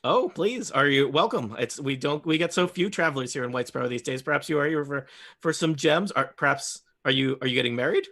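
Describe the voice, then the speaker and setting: A man's voice: a little high, brisk, vocal fry, a bit bright. A man voicing a chatty, fretful male gnome gem merchant who talks in eager, hesitant bursts.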